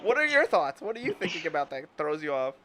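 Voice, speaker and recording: A man's voice: a little high, sing-song, fast talker, sharp tone. A man hosting a casual chat, rambling through stories, laughing constantly and acting out silly imagined lines. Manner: giggly, rambling, laughs through his words. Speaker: host.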